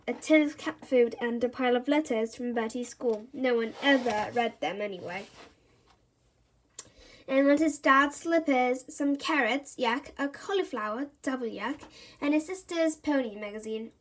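Woman reading a children's story aloud. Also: high voice. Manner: animated, expressive storytelling. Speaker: storybook reader.

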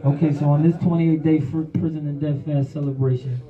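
A man's voice: a little high, fairly even intonation, a little fast. A man giving an enthusiastic, praising introduction at an event. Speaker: event host. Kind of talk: casual introduction. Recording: tinny phone-like sound.

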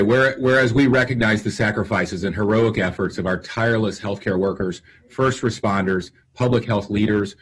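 A man leads a council session, reading a formal resolution. His voice sits low and a bit husky, and his cadence is measured and official. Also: low-quality recording. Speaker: council president.

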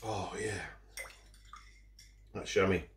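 This food vlogger speaks slowly in a low-pitched, steady tone, with slight noise in the background. He rambles casually while eating, mouth full, in an echoey room where cutlery and dishes can be heard.

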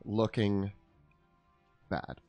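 A man playing a tabletop game, describing his moves in a halting, worried way. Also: lowish voice, little pitch movement, no echo, lo-fi sound, soft background music. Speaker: player. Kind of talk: casual tabletop game chat.

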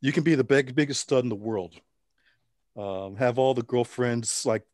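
A middle-aged man, an interview guest, telling his story in a relaxed, wry way with frequent restarts. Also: medium pitch, moderate pace, no echo, clean studio sound.

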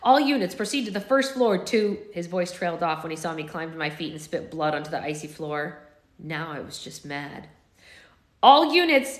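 A woman's voice: low voice, fairly bright tone. A woman hosting a live book club, reading a novel aloud and chatting casually with her viewers. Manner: casual, chatty between chapters. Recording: echoey room.

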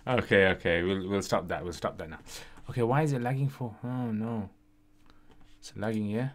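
A man's voice: fairly low pitch, moderate pace. A man hosting a casual livestream Q&A, chatty and often tagging his sentences with "yeah?". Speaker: livestream host answering questions.

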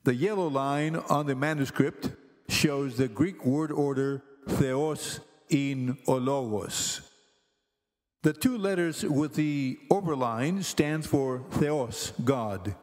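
A man teaching Greek grammar in slow, careful scripted narration, pronouncing each word deliberately. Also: fairly high pitch, lively intonation, darkish tone. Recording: long hall reverb with faint music.

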